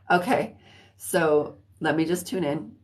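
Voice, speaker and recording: Woman giving a halting live psychic reading. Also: fairly low pitch. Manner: hesitant, thinking aloud with many restarts; keeps clearing her throat. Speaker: psychic reader. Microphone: phone or computer mic on a live stream.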